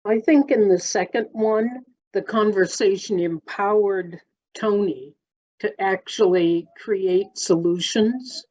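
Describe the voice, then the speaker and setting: Workshop participant, woman, slow and thoughtful, dull video-call sound. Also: medium pitch, a little mellow. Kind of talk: group discussion.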